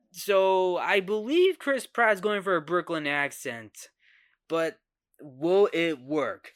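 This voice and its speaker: A man hosts a casual film review with a fairly high voice, stumbling through restarts and repeated words. He is recorded dry and close, with no room sound around him. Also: a bit bright, no room sound. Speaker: host.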